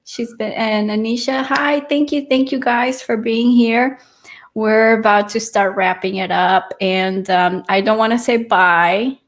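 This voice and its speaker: A woman's voice: on the high side, fairly even intonation, a little slow. A woman hosting a live-streamed talk show, chatty and effusive as she talks with her guest. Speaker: host.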